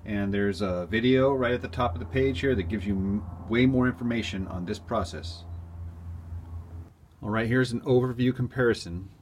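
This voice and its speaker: A man's voice: medium pitch, normal speed, darkish tone, a little hiss or hum. A man who makes cigar box guitar fretboards, giving a casual how-to tutorial and explaining each step plainly.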